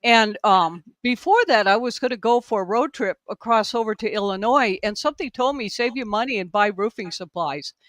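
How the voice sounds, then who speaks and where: A woman's voice: a little high, a little fast, few pauses, fairly bright tone. A woman recounts a story as a podcast guest, talking loosely and circling back with "like" and "um" as she goes. Her voice comes through a video call with a dry, close sound and no room echo. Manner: rambling, filler-heavy, lots of "like" and "um". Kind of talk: casual storytelling.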